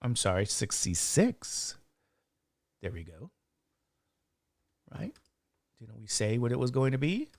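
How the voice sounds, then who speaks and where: Slow gravelly male math lecturer. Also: medium pitch, big pitch swings, a little mellow, no room sound. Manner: counts digits aloud step by step. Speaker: statistics instructor. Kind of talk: classroom lecture.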